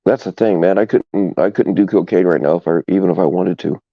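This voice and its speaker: A man's voice: low voice, fairly quick, no room sound. A man hosting a casual stream, rambling and hesitant with many fillers. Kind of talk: casual live stream chat. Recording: dull, lo-fi stream audio.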